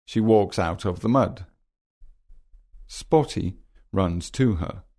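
A man narrating a children's graded reader in a plain, measured, simple way. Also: deep voice, a little mellow.

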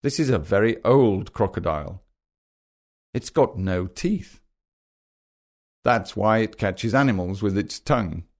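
A man's voice: fairly low pitch, expressive, a little slow, pauses often. A man voicing an eager young giraffe calf in a storybook reading. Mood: explaining.

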